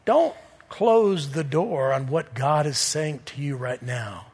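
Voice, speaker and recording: A man preaching a sermon in earnest, swinging from loud appeals to hushed near-whispers. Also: on the high side, expressive, takes it slowly, husky, big-room sound.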